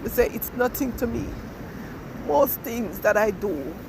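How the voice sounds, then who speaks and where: A high-voiced man with a Jamaican accent speaks through tears in a tearful, heartfelt monologue. He records on a phone while riding a train, with loud vehicle noise behind him. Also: animated, unhurried, vocal fry. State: crying. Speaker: immigrant sharing feelings. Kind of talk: emotional personal monologue.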